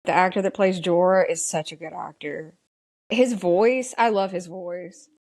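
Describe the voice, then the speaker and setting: Woman podcast co-host, unhurried, casual recap chat. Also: fairly low pitch, fairly even intonation, darkish tone. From Southern US. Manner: unhurried, reads scene dialogue aloud.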